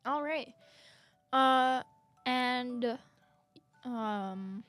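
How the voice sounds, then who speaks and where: A woman's voice: a little high, extremely slow, a bit bright, no echo. Young woman, game master, hesitant narration, fillers, faint music behind. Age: young adult.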